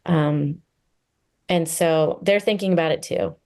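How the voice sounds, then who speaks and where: A woman's voice: deep voice, a little mellow. A woman therapist speaking as a podcast guest, earnest and chatty with many fillers. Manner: earnest, with frequent fillers and quick laughs. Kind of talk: casual podcast conversation.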